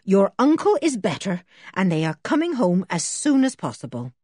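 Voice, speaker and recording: Fretful fussy housekeeper read by a woman, insistent, husky, storybook. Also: mid-range voice, huge pitch swings, moderate pace, mellow, no echo.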